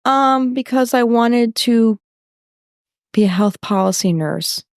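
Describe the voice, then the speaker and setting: Slow-talking woman guest from New York. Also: on the high side, no room sound, clean studio sound. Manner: slow, loose and talkative, with fillers. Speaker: podcast guest. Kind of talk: casual interview chat.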